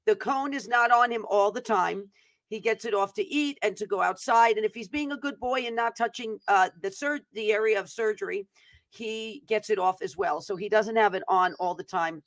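A woman's voice: mid-range voice, moderate pace, no echo. A woman hosting a faith teaching show, praying earnestly and then chatting loosely with fillers. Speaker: host of a prophetic teaching show. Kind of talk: prayer and casual update before teaching.

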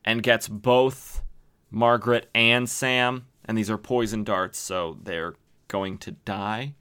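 This podcast host has a fairly low, steady, smooth voice with a bit of brightness, and he takes his time. He recaps comic books casually, enthusiastic and chatty, with plenty of filler words.

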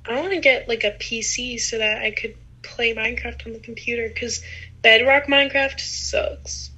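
A woman's voice: on the high side, normal speed, pushed and bright, slightly rough, lo-fi sound. A young woman co-hosting a casual podcast, laid-back and agreeable, often trailing off. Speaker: podcast co-host. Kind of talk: casual chat.

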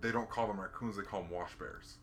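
Guy with a bright forceful voice, chatting on a podcast, gets lively acting out his stories. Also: fairly low pitch, brisk. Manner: animated storyteller, acts out callers with a raised voice. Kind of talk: casual chat.

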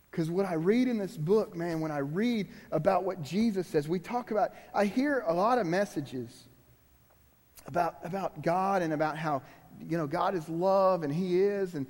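A high-voiced man preaches a sermon as a guest speaker. He is emphatic but conversational and keeps turning to the congregation with asides. His voice rings out with a long echo in a church hall. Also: darkish tone.

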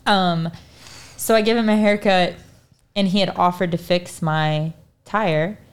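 A woman's voice: lowish voice, steady tone, measured pace, clean tone. A young woman co-hosting a casual podcast, telling stories animatedly, acting out quoted dialogue and laughing often. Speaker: podcast co-host. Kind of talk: casual storytelling chat.

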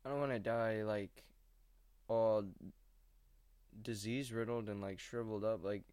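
A man's voice: on the low side, fairly even intonation, measured pace, darkish tone, smooth, no room sound. A young man rambling casually and anxiously into a desk microphone while sitting at home on his couch. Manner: rambling, slangy, anxious musing. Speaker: vlogger. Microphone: microphone at a mixing board.

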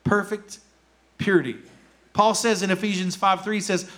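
A man's voice: sits high, little pitch movement, moderate pace, pauses often, sharp tone. A man preaching a sermon as pastor, emphatic and repeating his key phrases. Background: worship music.

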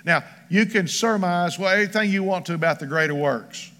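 Emphatic pastor preaching in a reverberant hall. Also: male voice, sits high, normal speed, bright, forceful tone. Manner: emphatic, rhythmic preaching with scripture read aloud. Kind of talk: sermon. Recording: long church hall reverb.

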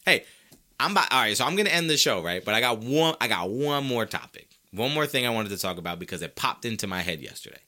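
Talking fast at a medium pitch, a man runs his own sports talk show alone. He argues animatedly, throwing rhetorical questions and laid-back slang straight at the audience.

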